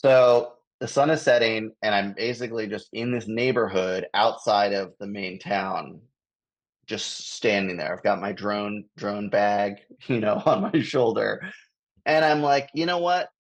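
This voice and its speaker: Low gravelly American man telling a story. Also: fairly even intonation, measured pace. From Los Angeles, USA. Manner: rambling, chuckles often, many fillers. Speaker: guest, touring improv comedian. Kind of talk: casual storytelling. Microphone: video call.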